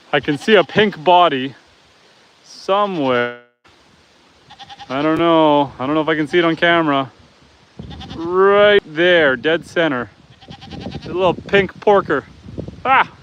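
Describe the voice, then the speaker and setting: A man's voice: high voice, fairly bright tone. A man hosting a live stream from his farm, chatting with viewers and talking to his pigs, goats and chickens. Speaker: homestead livestream host. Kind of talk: casual live-stream chat. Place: outdoors on a farm among animals.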